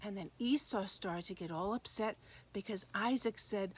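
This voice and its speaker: A woman telling a Bible story to children in an animated way, speaking straight to them. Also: medium pitch, normal speed, slightly rough. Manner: animated, addresses children directly.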